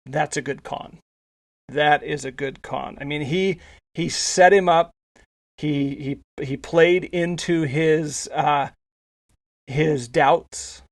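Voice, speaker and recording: A man's voice: a little high, slow pace. A male podcast host telling a casual anecdote, rambling with frequent restarts and repeated words. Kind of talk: casual storytelling.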